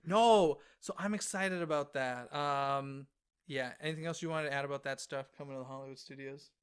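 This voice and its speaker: A man co-hosting a podcast in casual chat, chatty and excitable, with frequent laughs and quick asides. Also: medium pitch, clear, resonant tone. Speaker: podcast co-host.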